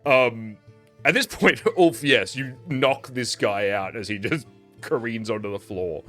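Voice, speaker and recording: A man runs a tabletop game, narrating in a mid-pitched, loose voice full of fillers and restarts. He is the game master. Faint music sits under him. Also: unhurried, a bit bright.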